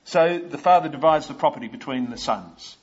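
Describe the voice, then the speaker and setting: Husky man preaching a sermon. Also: a little high, fairly quick, muffled recording. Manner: storytelling, asking the listeners questions.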